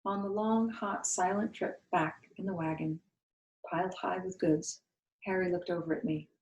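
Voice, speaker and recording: Woman reading a storybook aloud, expressive. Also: fairly low pitch, normal speed, reverberant, rough recording. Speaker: school co-founder reading a novel aloud. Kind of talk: storybook read-aloud narration.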